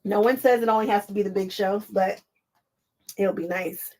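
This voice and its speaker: A woman's voice: medium pitch, normal speed, mellow, poor audio. A woman, hosting a casual crafting livestream, chatting to viewers while she sews and laughing often.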